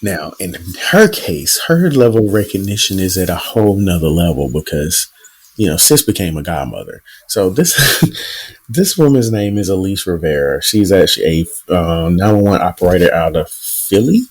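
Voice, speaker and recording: A man co-hosting a podcast, telling a news story in relaxed casual chat with plenty of fillers. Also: deep voice, normal speed, breathy edge, rough recording. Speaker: podcast co-host.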